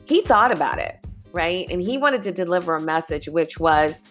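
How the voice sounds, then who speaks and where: A woman with a lowish voice hosts a relaxed motivational talk, chatty and upbeat and calling her listeners y'all. She guides slow breaths between stories. Faint music sits under her voice. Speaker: podcast host.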